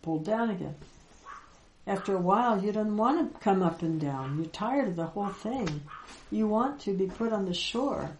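A woman giving a reflective spiritual teaching talk, gentle and unhurried, with soft laughs and pauses. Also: medium pitch, animated, echoey room, slight background noise, low-quality recording. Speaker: Vedanta teacher.

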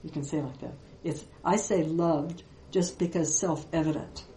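A woman spiritual teacher giving a reflective Vedanta talk, with many pauses and fillers. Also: low voice, warm tone, roomy sound, slight background noise, rough recording.

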